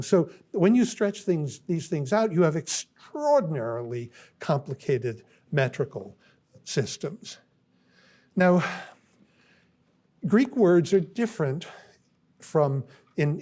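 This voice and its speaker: Slow, pausing older male lecturer. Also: on the high side, darkish tone. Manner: unhurried, thoughtful, pauses with um and uh. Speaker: university lecturer. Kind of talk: classroom lecture.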